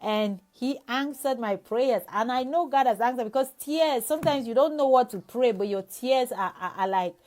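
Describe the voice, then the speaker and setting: A woman's voice: a little high, normal speed, few pauses, a little mellow. A young adult woman evangelist giving a devotional sermon, reading scripture and sharing an earnest personal testimony with many restarts.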